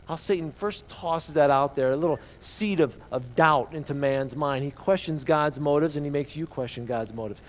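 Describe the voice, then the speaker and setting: A man's voice: on the high side, moderate pace. A man preaching a sermon as pastor, emphatic and full of rhetorical questions to the congregation.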